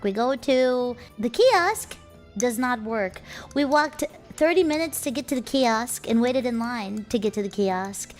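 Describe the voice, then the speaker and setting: Young streamer girl, high voice, swears a lot telling a story, faint music behind. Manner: swears freely, exasperated.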